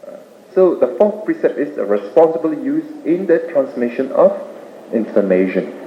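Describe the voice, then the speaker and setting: A man's voice: on the high side, sing-song, normal speed. A man giving a Buddhist Dharma talk, explaining points with rhetorical questions and tag-ending "eh?". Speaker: Buddhist speaker. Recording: tinny roomy old tape with faint hiss.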